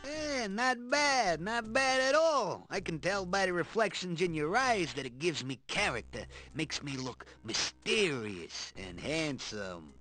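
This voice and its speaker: A smug, bright talking skull. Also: male voice, high-pitched, big pitch swings, unhurried, hardly any pauses, soft background music, heavily acted. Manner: smug, wisecracking.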